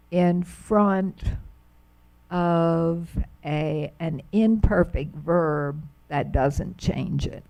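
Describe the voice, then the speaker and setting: A middle-aged woman teaches a Hebrew class at a very slow, unhurried pace. Her lowish voice carries a gravelly, creaky edge. She stretches out each word she demonstrates, patiently and carefully. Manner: patient, drawn-out pronunciation of words.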